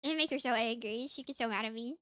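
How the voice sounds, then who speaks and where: A woman's voice: a little high, fast talker, a bit bright, slight background noise. A young woman from the US South with a light Southern accent, sounding sniffly and congested, chatting in a rambling way full of "like" while streaming a game. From US South (Florida, Mississippi). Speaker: VTuber streamer. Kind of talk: casual gaming stream chat.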